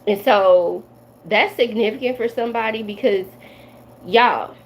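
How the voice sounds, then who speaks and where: A woman's voice: medium pitch, measured pace, a little hiss or hum, poor audio. Chatty woman in her forties. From Midwestern United States. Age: 40s. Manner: chatty, loose, addresses viewers as y'all. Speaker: tarot reader hosting a live stream. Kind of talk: casual live-stream chat.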